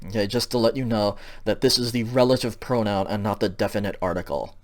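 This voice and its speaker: A male teacher delivers a recorded lecture over slides, his voice on the low side. He explains patiently, checks in with listeners often, and fills his pauses with ums.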